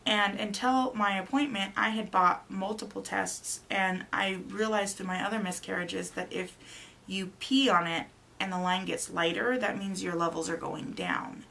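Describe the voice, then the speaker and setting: A woman's voice: mid-range voice, normal speed, creaky. A young woman casually telling a personal story, acting out the dialogue with animation. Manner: animated, acts out dialogue in quotes. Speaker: vlogger.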